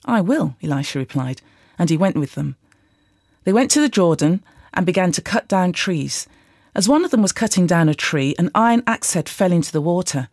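A woman reads scripture aloud in a steady, measured way. Her voice sits a little low, and the recording is close and dry with no room sound. She gently lifts her voice for quoted speakers. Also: dry recording. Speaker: Bible reader.

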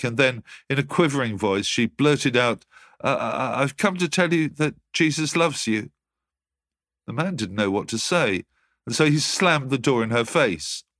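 A man hosts a short devotional, reading scripture, telling a story and praying in a calm, measured manner. His voice sits at an ordinary pitch and is recorded dry and close. Soft music plays faintly beneath him. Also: dry recording. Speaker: devotional radio host.

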